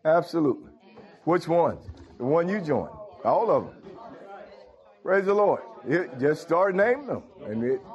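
A man's voice: big pitch swings, a little slow, long pauses. Emphatic preacher man, lo-fi. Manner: emphatic, swings to high exclamations and laughs. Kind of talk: sermon. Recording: dull lo-fi sound.

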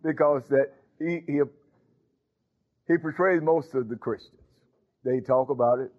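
A man's voice: medium pitch, unhurried. A male pastor, preaching a sermon in a folksy call-and-response manner, laughing often. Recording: tinny phone-like church recording.

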